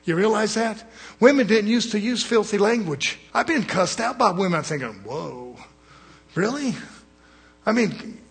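A man's voice: high voice, moderate pace, breathy edge. A middle-aged male preacher giving a fiery sermon in a blunt, folksy manner, calling for amens from the congregation. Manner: folksy, blunt, call-and-response.

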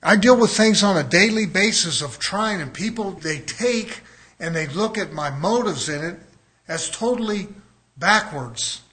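A man's voice: sits high, expressive, unhurried, sharp tone. A man preaching a sermon as a pastor, in a conversational way, often acting out the voices of people he quotes.

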